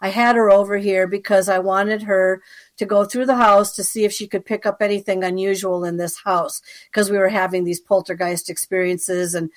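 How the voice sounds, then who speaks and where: Woman, interview guest, chatty storytelling, lots of asides and fillers, checks in with the listener, mid-pitched voice. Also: fairly even intonation, normal speed. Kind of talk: personal storytelling.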